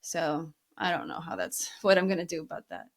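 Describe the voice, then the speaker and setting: A woman's voice: low voice, big pitch swings, brisk. A woman co-hosting a podcast, chatting casually and telling a personal story with frequent laughs. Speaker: podcast co-host. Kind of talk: casual chat.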